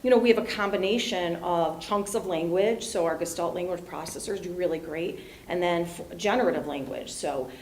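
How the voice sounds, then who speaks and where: A woman's voice: lowish voice, fairly quick, few pauses, a little mellow. A woman speech therapist on a panel, talking with enthusiasm about therapy tools and often quoting herself. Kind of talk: panel discussion. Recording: echoey room, light noise.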